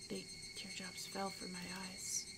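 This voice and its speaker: A woman's voice: medium pitch, steady tone, normal speed, heavy background noise, close to an everyday voice. A woman voicing a guilt-ridden, bitter teenage boy while reading a visual novel aloud. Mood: brooding. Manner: brooding, accusing, then self-blaming.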